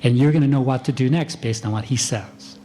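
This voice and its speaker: A man, a physician, giving a conference lecture in a calm, conversational manner, acting out doctor-patient exchanges. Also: mid-range voice, a little hiss or hum. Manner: calm, unhurried delivery.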